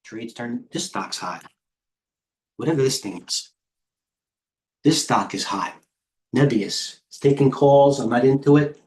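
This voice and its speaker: Tired middle-aged host who rambles through live market commentary, ticker after ticker. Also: male voice, mid-range voice, unhurried, long pauses, a little mellow. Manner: rambling, off-the-cuff, jumps between stock tickers. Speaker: trading stream host.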